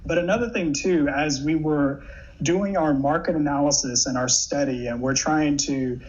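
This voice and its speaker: A man from the American South, a guest on a podcast, talking fast and excitedly about his robotics business. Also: on the high side. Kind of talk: casual conversational interview. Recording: slightly dull, muffled sound.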